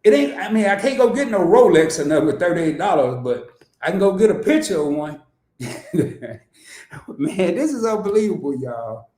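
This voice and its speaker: Animated middle-aged man in roomy room. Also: normal speed. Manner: animated storytelling, pitch jumps way up when excited, chuckles often. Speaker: crypto investing channel host. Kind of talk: casual personal vlog chat. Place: at home in front of his computer.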